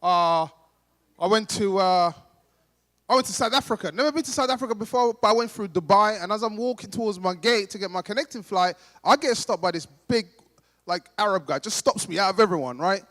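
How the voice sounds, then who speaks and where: Young london guy doing stand-up, high voice, chatting to the crowd, echoey hall sound. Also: brisk, a bit bright. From Britain. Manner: chatty, addresses the crowd directly, acts out quoted voices. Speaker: stand-up comedian. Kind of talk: stand-up comedy set. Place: large hall at a gala dinner. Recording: live hall with long reverb.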